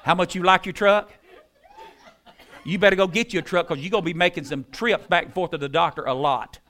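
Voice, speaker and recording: A man preaching a sermon, repeating key phrases with emphasis and dropping into soft tones. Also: sits high, fairly even intonation, a little fast. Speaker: pastor.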